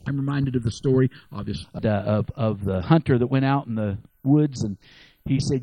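A man preaching a sermon, telling stories and building to loud, emphatic exhortation. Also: mid-range voice, normal speed, dry recording, muffled recording.

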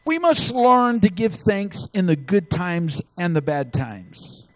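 High-voiced man preaching a folksy sermon. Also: sing-song, takes it slowly, a little hiss or hum, rough recording. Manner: folksy storytelling with many restarts.

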